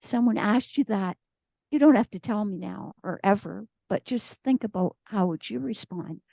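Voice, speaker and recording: A woman's voice: medium pitch, normal speed, vocal fry, warm tone, no room sound. Woman giving a storytelling sermon. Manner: storytelling, acts out quoted voices. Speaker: guest speaker. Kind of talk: conversational sermon.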